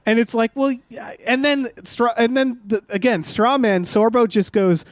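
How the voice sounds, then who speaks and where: A man co-hosting a podcast, giving casual, sarcastic commentary on a film in an animated, ranting way. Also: very high voice, moderate pace, dry recording. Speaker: podcast co-host.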